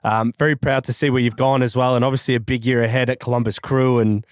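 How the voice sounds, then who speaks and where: A male podcast host with a relaxed, encouraging manner who keeps calling his guest bro and mate. His voice sits at a middle pitch and is recorded dry and close, with no room sound. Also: fast talker, dry recording. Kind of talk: casual interview chat.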